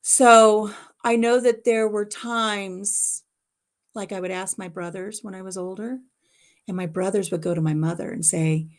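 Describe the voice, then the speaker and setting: At a measured pace and with fairly even intonation, a middle-aged woman with a medium-pitched voice shares a personal family story with her livestream viewers from home. The casual storytelling is rambling and emotional.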